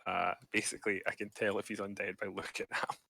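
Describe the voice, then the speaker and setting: A man with a bright, forceful tone plays a tabletop game and calmly explains his character's actions. The recording is dry and close. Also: fairly low pitch, fast, gravelly, no room sound. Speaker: player.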